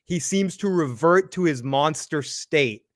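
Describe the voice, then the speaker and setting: A man with a slightly high voice recaps a TV episode with a co-host. He talks excitedly and keeps acting out the characters' lines. The sound is dry and close. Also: a little slow, dry recording. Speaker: podcast co-host.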